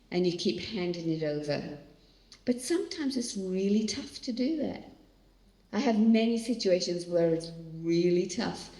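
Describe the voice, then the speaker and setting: A woman's voice: medium pitch, expressive, a little slow, mellow. A woman giving a conversational church teaching as a seminar speaker, speaking earnestly and directly to audience members. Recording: echoey hall.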